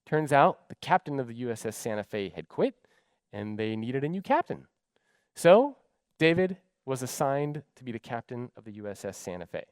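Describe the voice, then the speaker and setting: A man's voice: mid-range voice, moderate pace, smooth, no room sound. A man giving a keynote talk, telling stories with drama and acting out the dialogue. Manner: animated, dramatic storyteller who acts out dialogue. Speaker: keynote speaker.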